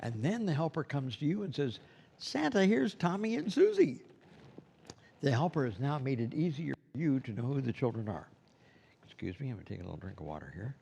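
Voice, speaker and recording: An instructor at a school for Santas addresses a classroom of students in a mid-range voice that is dark, creaky, and breathy-edged, speaking fast and animatedly. His teaching is loose and rambling, full of asides and many "you know"s.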